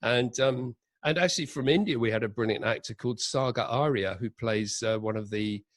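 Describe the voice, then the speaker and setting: A man, a director, telling production anecdotes in a relaxed interview and acting out the quotes he recalls. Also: medium pitch, fairly quick, dry recording. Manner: animated anecdotes with acted-out quotes. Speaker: audio drama director, interview guest. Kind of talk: conversational interview storytelling.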